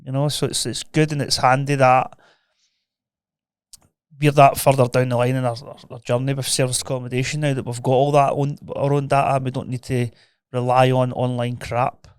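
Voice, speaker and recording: A man's voice: mid-range voice, level tone, clean tone, no room sound, studio quality. A Scottish man co-hosting a podcast in casual chat, talking informally about showing investors real numbers. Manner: quick, informal, recounting deals with investors. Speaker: podcast co-host.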